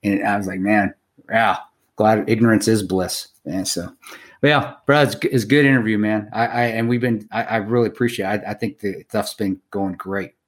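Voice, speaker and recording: A middle-aged man co-hosting a podcast, chatting casually and telling animated stories with plenty of swearing, bro and dude. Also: fairly low pitch, normal speed. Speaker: podcast co-host. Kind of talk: casual chat.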